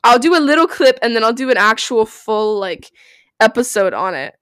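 A young woman hosting a casual solo podcast, rambling and giggly, breaking into squeals and yells. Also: on the high side, expressive, moderate pace, clean tone, no room sound. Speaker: podcast host.

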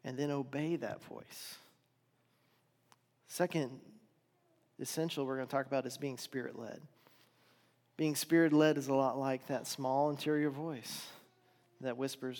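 A man's voice: mid-range voice, steady tone, unhurried, long pauses, a little mellow. A middle-aged man preaching a sermon as a pastor, talking in an earnest, conversational way and asking the congregation rhetorical questions. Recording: long hall reverb.

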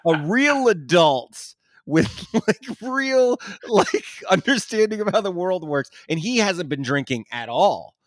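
A man telling a story in casual chat, laughing often, swearing and acting out the quotes loudly. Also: sits high, big pitch swings, slow, no room sound, clean studio sound.

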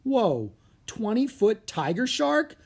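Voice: mid-range voice, very animated, slow pace, a little mellow, pitched above the performer's own voice. An audiobook narrator voicing an anxious, seasick young boy asking wary questions. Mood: nervous.

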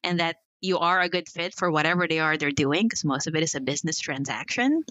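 Woman on a podcast, bright lower voice, chatty and candid, dry close mic. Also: no echo, dull audio. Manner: candid, talks in quick asides with frequent "like" and laughs. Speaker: guest. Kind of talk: casual podcast interview.

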